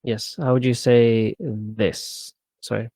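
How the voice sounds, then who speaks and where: Male tutor, mid-pitched, patient, spells out syllables, dry close mic. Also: level tone, warm tone, no room sound. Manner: patient, repeats words slowly syllable by syllable. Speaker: Arabic teacher. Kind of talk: one-on-one Quran reading lesson.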